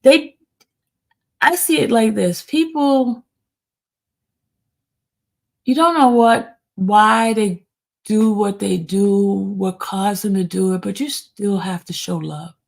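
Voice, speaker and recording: Woman, middle-aged, gravelly voice, casual emotional chat, talks to viewers as y'all. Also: mid-range voice, fairly even intonation, slow pace, long pauses. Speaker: livestream host.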